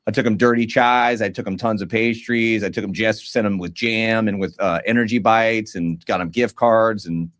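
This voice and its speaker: A man's voice: lowish voice, normal speed, hardly any pauses. A man co-hosting a podcast, telling a story in casual slangy chat and acting out what other people said. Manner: animated storyteller, slangy, acts out others' lines. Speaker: podcast co-host.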